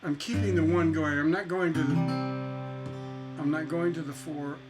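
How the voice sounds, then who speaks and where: A man teaches songwriting in a relaxed, chatty way, his voice sitting fairly high as he talks slowly through his ideas. He hums snatches of melody to show them. His own guitar rings clearly behind every sentence. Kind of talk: casual music lesson with guitar. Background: acoustic guitar.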